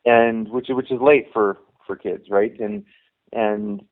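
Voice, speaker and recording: Over a tinny phone line, a middle-aged youth hockey coach tells a long story in a casual interview, speaking slowly in a steady, mid-range voice. He keeps restarting and saying "you know."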